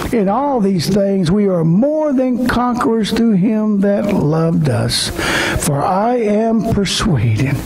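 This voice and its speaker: Emotional preacher man, high voice. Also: rough recording. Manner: emotional, swings from shouting to quiet. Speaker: pastor. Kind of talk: sermon.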